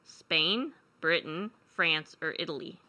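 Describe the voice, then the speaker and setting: A woman co-host running a trivia quiz on a radio show. Her voice sits a little low yet sounds bright and crisp. She is upbeat and friendly. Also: expressive, slow pace, poor audio. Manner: upbeat, reading quiz questions. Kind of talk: casual quiz banter.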